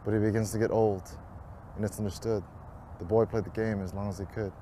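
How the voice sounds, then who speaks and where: Low-voiced man reciting a rhymed ad. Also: level tone, warm tone, slight background noise. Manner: measured, poetic cadence. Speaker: ad narrator. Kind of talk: rhymed spoken-word ad.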